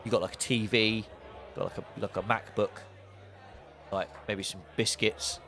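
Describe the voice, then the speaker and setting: A man's voice: on the low side, level tone, moderate pace, fairly bright tone. A young man from the south of England with a southern English accent, co-hosting a casual podcast chat and telling stories in a dry, teasing way. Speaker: podcast co-host.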